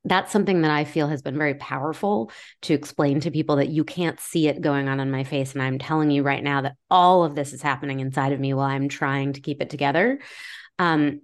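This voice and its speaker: A woman in her forties, a guest author speaking candidly and bluntly in a conversational podcast interview, with many "like"s and "you know"s. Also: deep voice.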